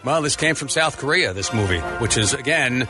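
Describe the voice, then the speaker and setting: A man's voice: medium pitch, expressive, normal speed, over music. A man hosting a morning radio talk show, talking casually and restarting his phrases.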